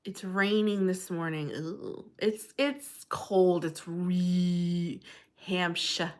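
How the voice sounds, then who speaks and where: A woman's voice: fairly low pitch, extremely slow, darkish tone. A woman hosting a casual livestream, chatting and greeting viewers by name in a bubbly way. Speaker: livestream host.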